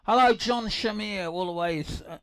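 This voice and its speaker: An older English man hosting a livestream, chatting in a rambling, excitable way with many restarts between songs. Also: sits high, normal speed, no echo. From England. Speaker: livestream host and guitarist. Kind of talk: casual chat between songs. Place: home livestream. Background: acoustic guitar.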